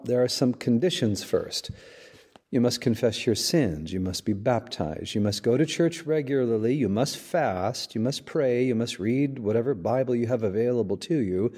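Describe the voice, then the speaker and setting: A man's voice: medium pitch, dark tone, husky, close to an everyday voice. A man voicing an imagined Christ who lists demanding conditions, with wry irony.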